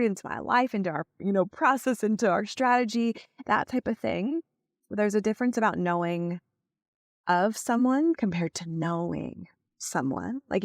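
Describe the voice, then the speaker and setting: A woman hosting a podcast in a chatty, casual way, full of fillers and quick tone demos. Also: mid-range voice, creaky, darkish tone, dry recording, studio quality. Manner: chatty, with many fillers, acts out tones of voice. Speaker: podcast host. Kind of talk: casual solo podcast talk.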